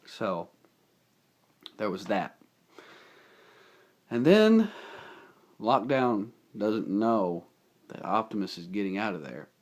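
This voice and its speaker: A man's voice: fairly low pitch, slow pace, long pauses. Rambling man recapping a movie, a bit unwell. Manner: rambling, excitable, quotes movie lines in put-on voices. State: unwell, slightly rough voice. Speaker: movie reviewer. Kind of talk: casual spoken film recap.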